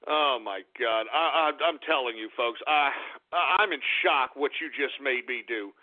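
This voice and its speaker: A man's voice: mid-range voice, normal speed. A man hosting a call-in radio show, ranting in exasperation, stammering and swearing. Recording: phone-like lo-fi radio audio.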